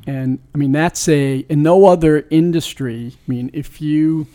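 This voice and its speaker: On the high side and mellow, this man's voice moves a little slowly as he tells a personal story in an interview. He's a sports team owner in his sixties from New York, earnest and reflective, and he tends to restart his sentences.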